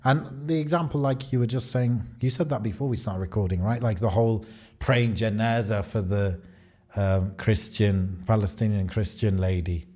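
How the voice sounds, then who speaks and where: A man's voice: lowish voice, moderate pace, dark tone. A man with a British accent chatting casually on a podcast, rambling and thinking aloud with many fillers. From Britain. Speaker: podcast co-host.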